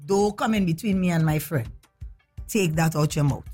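A woman's voice: low voice, normal speed, a little mellow, breathy edge, faint music behind. A woman with a Trinidadian accent hosting a casual live stream, chatting playfully with viewers in dialect.

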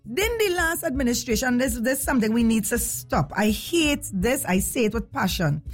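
A Trinidadian woman hosts a casual talk radio show, speaking with a Trinidadian accent in a fairly high, slightly rough voice at a moderate pace. She's animated and chatty and slips into local dialect.

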